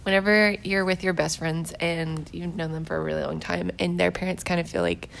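A woman's voice: on the low side, animated, brisk, vocal fry, a little hiss or hum, rough recording. A young woman with the hiccups, chatting casually and rambling through a trip recap with lots of fillers. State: has the hiccups. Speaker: volunteer recapping a church trip. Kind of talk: casual chat.

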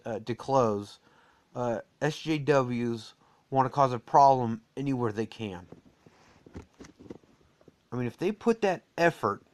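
An American man hosting a casual solo podcast, rambling and digressive with frequent fillers. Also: medium pitch. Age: adult. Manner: rambling, digressive, with many "uh"s and restarts. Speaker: podcast host.

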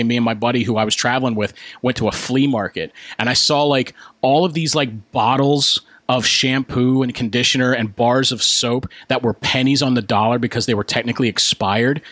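A man's voice: mid-range voice, fairly quick, few pauses, dry recording. Man telling wrestling stories, dry mic. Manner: animated anecdotes with acted-out quotes. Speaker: podcast guest, former wrestler. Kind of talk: casual storytelling.

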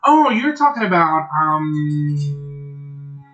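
A man co-hosting a podcast in casual chat, playful and quick to jump between topics and silly voices. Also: fairly high pitch, very animated, fairly bright tone, dull audio, soft background music. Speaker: podcast co-host.

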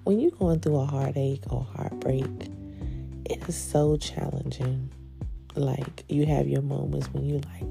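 Nasal, gravelly low-voiced woman podcaster. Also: steady tone, measured pace, over music. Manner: laid-back, chatty, laughs often. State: stuffy, nasal with phlegm. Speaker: podcast host. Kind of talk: casual chat.

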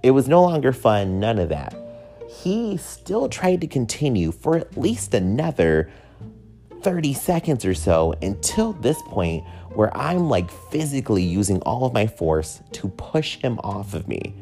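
A man's voice: mid-range voice, big pitch swings, a little slow, warm tone, soft background music. A man candidly telling a personal story to his viewers, blunt and swearing freely.

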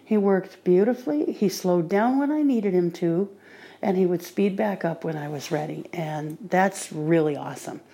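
A woman talking on her own podcast in a casual monologue, calmly recounting her day. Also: on the low side, normal speed, creaky. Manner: relaxed diary-like recounting. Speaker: podcaster training with a guide dog.

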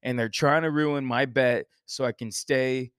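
A man's voice: mid-range voice, fairly even intonation, unhurried, a bit bright, clean tone, dry recording, clean studio sound. A man hosting a casual sports podcast, joking and rambling through banter with his co-host. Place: Texas.

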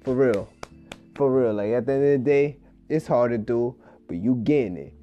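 A man talks alone into a phone app for a podcast, loose and rambling, with lots of "you know" and "like" between thoughts. His voice sits at an ordinary middle pitch. Faint music plays behind him. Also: normal speed, dull audio. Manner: loose, rambling street talk with many fillers. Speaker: podcast host. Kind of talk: casual solo podcast monologue. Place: New York City.

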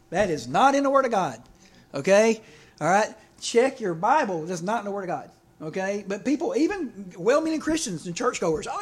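Male preacher, fairly high voice, talks plainly to his church and keeps asking them "okay?". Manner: conversational, repeats himself, checks in with "okay?" and "all right?". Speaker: preacher and teacher. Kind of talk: casual sermon.

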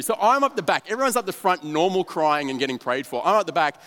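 A young man, a youth pastor, telling a story of his own to an audience in a self-mocking, animated way, dropping to a flat mumble for his cynical asides. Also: on the high side, fast talker. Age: young adult. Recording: long reverb of a large hall.

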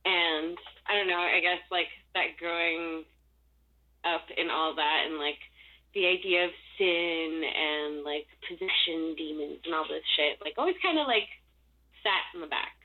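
A woman's voice: low voice, unhurried. A young woman from Southern California, the guest in a casual interview, rambling, swearing and laughing often. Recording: tinny phone-like line.

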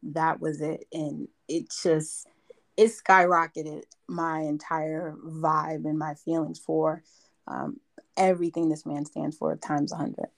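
A woman from Brooklyn, a podcast guest, excitedly retelling a story with emphatic repetitions. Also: deep voice, slow, gravelly. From Brooklyn, New York. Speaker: interview guest. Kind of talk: casual storytelling.

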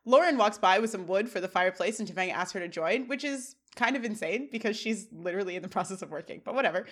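A woman's voice: medium pitch, fast. A woman co-hosting a podcast, recapping a sitcom episode in casual chat and acting out the lines as she goes. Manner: animated retelling, acting out lines. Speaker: podcast co-host.

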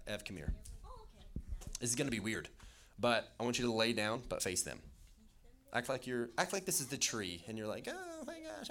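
A man's voice: mid-range voice, pushed and bright, slight background noise. A young man preaching a casual youth sermon, chatty and loose, with jokey asides and lots of fillers. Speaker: youth pastor.

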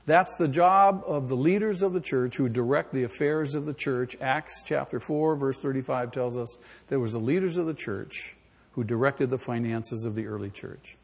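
A man's voice: mid-range voice, moderate pace, creaky, breathy edge. A male pastor preaching an emphatic sermon in a church, putting questions to the congregation. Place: church sanctuary. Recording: long hall reverb.

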